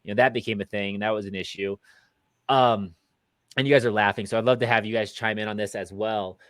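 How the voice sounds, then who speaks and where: Male co-host, low voice, casual and hesitant, dry close recording. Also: steady tone, a little fast, a bit bright, no room sound. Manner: hesitant, many fillers and restarts. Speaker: podcast co-host. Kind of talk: casual podcast discussion.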